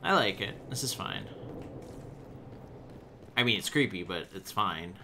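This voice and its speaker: A man's voice: fairly low pitch, lively intonation, unhurried, sharp tone, a little hiss or hum. A young adult man streaming a game live, chatting casually, swearing freely and reading in-game notes aloud.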